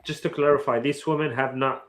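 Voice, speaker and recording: A man's voice: medium pitch, steady tone, fairly quick, crowd noise. A man on a podcast, speaking carefully and hesitantly as he asks for clarification. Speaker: podcast co-host. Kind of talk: casual chat.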